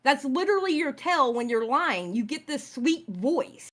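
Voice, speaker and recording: A woman's voice: high-pitched, very animated, a little slow, fairly bright tone. Blunt, swearing woman in a heated argument. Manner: blunt, profane, accusing. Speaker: guest on a streamed talk show.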